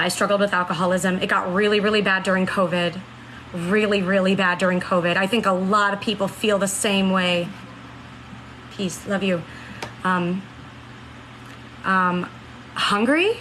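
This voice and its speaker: Woman, late thirties, bright, clear tone. Casual live-stream chat answering viewers, earnest, faint background hiss. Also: medium pitch, poor audio. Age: 30s. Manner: earnest, reads and answers comments.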